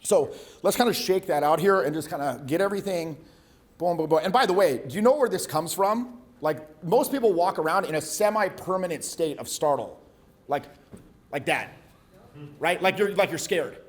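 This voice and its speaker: A man teaches a room full of students, casual and profane, pushing his points in a bold, direct way. His voice sits a little higher than most men's. He talks like a coach, not a lecturer. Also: lively intonation, brisk. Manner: blunt, profane, conversational. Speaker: voice and presence coach. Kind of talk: live workshop coaching.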